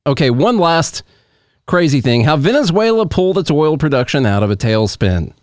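A man's voice: a little high, sing-song, normal speed, no room sound, studio quality. A man co-hosting a podcast in casual chat, reading news articles aloud and walking through a chart with offhand asides. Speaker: podcast co-host.

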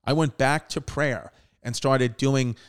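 A man's voice: medium pitch, steady tone, slow pace, clean tone. A man hosting a comedy podcast, rambling casually with lots of fillers and swearing. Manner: rambling, profane, filler-heavy. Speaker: podcast host.

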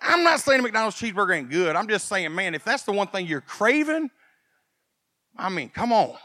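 A male pastor preaching a sermon, animated and swinging from quiet folksy asides to loud emphasis. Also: high-pitched, a little fast, no echo, clean studio sound.

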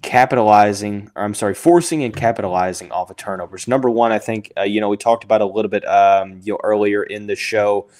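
A man hosting a sports podcast, thinking out loud with lots of fillers and restarts, who has the hiccups. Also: fairly low pitch, fast, hardly any pauses. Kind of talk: casual sports analysis podcast.

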